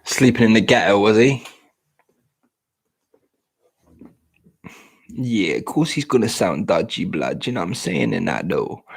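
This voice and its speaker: A paranoid wannabe street tough, put on by a man mutters in hushed, slangy tones. The voice is husky and kept low. It feels half joke, half warning. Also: animated, moderate pace, full character voice. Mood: mocking.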